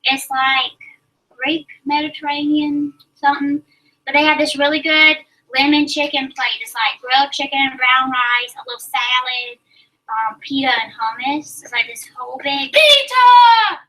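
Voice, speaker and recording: A woman's voice: high voice, measured pace, sharp tone, distant mic, poor audio. A woman hosting a casual cooking live stream, chatting enthusiastically and explaining her steps as she cooks. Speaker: host.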